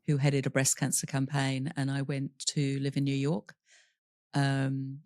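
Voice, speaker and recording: A woman's voice: rumbling low, completely flat delivery, a little slow, a little mellow, no echo, studio quality. A woman guest on a podcast interview telling a personal story candidly, laughing through painful memories and acting out quoted dialogue. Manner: voices other people in quoted dialogue.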